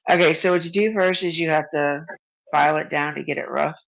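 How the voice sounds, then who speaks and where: A woman's voice: deep voice, steady tone, brisk, creaky, muffled recording. A woman hosting a casual video chat, talking bluntly, swearing freely and teasing her friend. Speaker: channel host.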